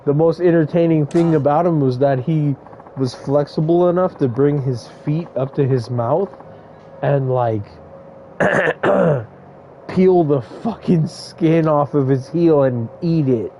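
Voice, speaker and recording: A man's voice: on the high side, slow pace, dark tone, slight background noise, rough recording. A man casually commenting on a game he plays, rambling into crude, joking stories. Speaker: gaming streamer. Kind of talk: casual let's-play commentary.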